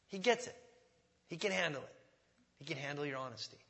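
A man preaching a sermon as pastor, in a conversational style that swells loud on key words, coughing at times, in a church. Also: fairly high pitch, expressive, a little fast, vocal fry. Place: church sanctuary.

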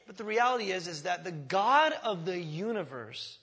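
A man preaching a sermon as pastor, in a conversational style that swells loud on key words, coughing at times, in a church. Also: sits high, sing-song, normal speed. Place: church sanctuary.

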